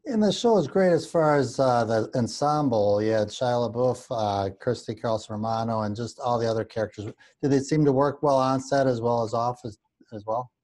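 A man hosting a casual interview, asking questions in a halting way with fillers. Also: medium pitch, darkish tone. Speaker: interview host.

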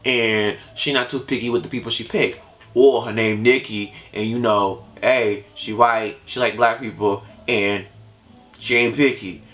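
A young man in a casual reaction vlog, talking straight to his viewers in an animated, slangy way. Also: lowish voice, measured pace. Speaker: YouTube music reactor.

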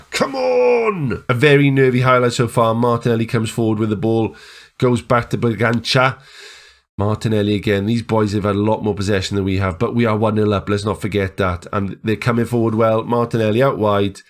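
A man commentating his own football management game, chatty and building to excited shouts at the screen. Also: lowish voice, fairly quick. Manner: excitable, yelling at the screen during big moments. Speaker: gaming YouTuber.

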